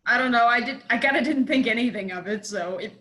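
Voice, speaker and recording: A woman chatting on a casual podcast, with a voice pitched a bit above average. She rambles along with plenty of fillers in a loose, friendly way. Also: fast, pushed and bright, a little hiss or hum. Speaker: podcast guest and tabletop player.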